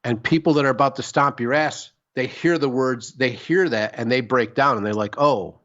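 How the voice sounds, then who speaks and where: A man's voice: medium pitch, moderate pace, fairly bright tone, lo-fi sound. Rambling, swearing man on a podcast. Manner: rambling, emphatic, swears freely. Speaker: podcast co-host. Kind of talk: casual chat.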